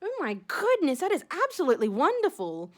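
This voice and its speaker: A woman's voice: high-pitched, wildly swooping pitch, fairly quick. A young woman unboxing seashells on her vlog, gushing and giddy, gasping with delight. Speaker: shell collector unboxing a gift.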